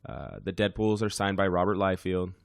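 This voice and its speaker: A man hosting a podcast with a hoarse, worn-out voice, chatting casually with many fillers. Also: low voice, normal speed, no room sound, studio quality. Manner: rambling, frequent fillers. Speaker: podcast host.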